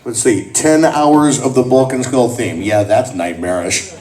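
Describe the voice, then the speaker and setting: Unhurried and mid-range, a man's voice reaches a distant mic as he entertains a convention panel audience. He's an animated storyteller, mixing jokes and tales in comedic panel talk.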